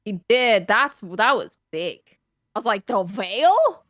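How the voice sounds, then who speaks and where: A woman's voice: mid-range voice, unhurried, dry recording, studio quality. A woman co-hosting a casual podcast, retelling her reactions with playful quoted asides. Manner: animated, acts out quoted reactions. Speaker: podcast co-host. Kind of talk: casual chat.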